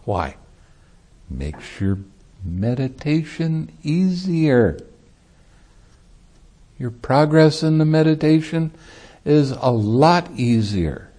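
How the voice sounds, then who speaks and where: Slow, mellow-voiced monk giving a dharma talk. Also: male voice, on the high side, very animated. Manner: light-hearted, laughs easily while teaching. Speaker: Buddhist monk and meditation teacher.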